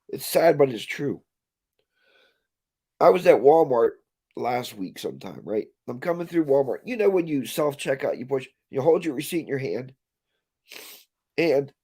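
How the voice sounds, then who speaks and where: A man's voice: a little high, dark tone. A man hosting a casual livestream, ranting and reading viewer comments aloud. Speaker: livestream host.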